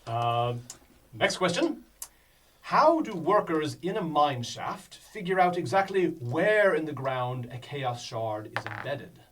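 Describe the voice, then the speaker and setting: A man's voice: a little high, very animated, takes it slowly, fairly bright tone. A man running a tabletop game for beginners, quizzing players and chuckling as he stumbles over names. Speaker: game master. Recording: distant mic, faint background noise.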